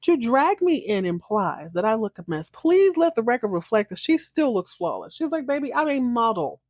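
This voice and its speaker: Woman, podcast host, recap commentary, sassy, laughs often, lively pitch, dry close sound. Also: moderate pace, no room sound.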